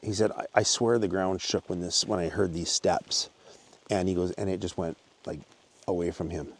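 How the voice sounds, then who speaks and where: A man's voice: low voice, steady tone, normal speed. A man hosting his own channel, casually retelling a story he was told, with lots of restarts and fillers. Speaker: channel host. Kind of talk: casual storytelling while hiking. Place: outdoors on a mountain hike.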